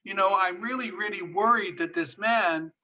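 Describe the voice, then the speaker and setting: A man lectures as a guest speaker in a high, bright voice, telling a story with rising passion. He repeats words for emphasis and often stops on fillers. The recording sounds dull and lo-fi. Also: moderate pace. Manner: impassioned, repeats phrases for emphasis, many fillers. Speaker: guest speaker on sexuality and disability.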